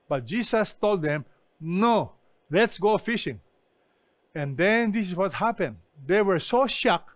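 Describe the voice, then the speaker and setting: High-voiced pastor preaching slowly. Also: male voice, dry recording. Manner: emphatic, asks the congregation questions. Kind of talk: sermon.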